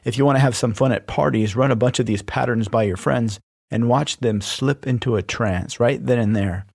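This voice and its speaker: Man, podcast host, gravelly, steady scripted teaching, dry recording. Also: medium pitch, normal speed, no echo. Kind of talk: scripted instructional narration.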